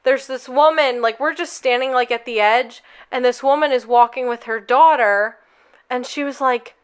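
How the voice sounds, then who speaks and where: A woman's voice: high-pitched, normal speed, clear, resonant tone. A young woman co-hosting a podcast, telling a long story in a rambling, casual way full of fillers. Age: young adult. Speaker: podcast co-host.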